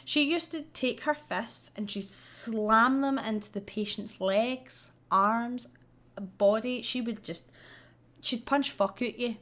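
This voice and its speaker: A woman's voice: a little high, slow pace, a bit bright. Woman vlogger, casual and sweary storyteller with wry asides. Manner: doing her makeup while she talks. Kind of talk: casual true-crime storytelling.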